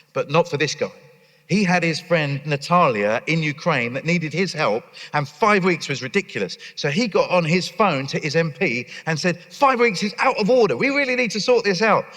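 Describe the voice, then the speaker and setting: A man giving a conference keynote on a stage, telling stories with animation and acting out voices. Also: on the high side. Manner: animated storyteller who acts out voices. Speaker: charity leader giving a conference talk. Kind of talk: keynote talk. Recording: echoey hall.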